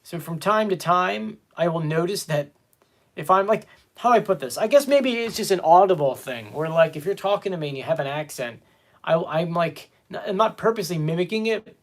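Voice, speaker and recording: A man hosts a fan live stream from home, talking loosely and reading viewer comments aloud. His pitch swings around a lot as he chats. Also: brisk. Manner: chatty, reads viewer comments aloud, animated. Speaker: fan show host. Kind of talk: casual live-stream chat.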